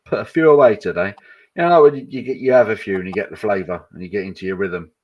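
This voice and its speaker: A man's voice: fairly low pitch, quick pace, dull audio. A laid-back man chatting casually on a livestream and laughing easily. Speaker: co-host.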